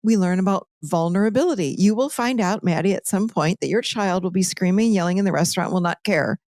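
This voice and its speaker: A woman talks through ideas in a conversational teaching style, lively and animated as she tells stories. Her voice sits mid-range and the sound is dry and close. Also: mid-range voice, brisk, dry recording. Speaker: podcast guest, author.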